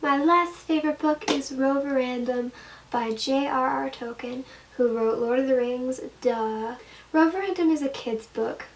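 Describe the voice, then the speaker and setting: A woman's voice: sits high, unhurried. Young female vlogger, casual and giggly, recorded from a distance. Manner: giggly, chatty, self-deprecating. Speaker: vlogger answering fan questions. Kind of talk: casual chat. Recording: from the mic, faint room noise.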